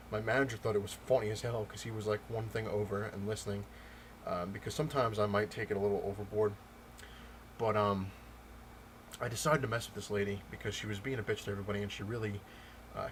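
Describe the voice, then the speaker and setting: A man vlogging about comics, telling a story in a loose, rambling way with many pauses and restarts. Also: on the low side, slight background noise. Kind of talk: casual storytelling rant.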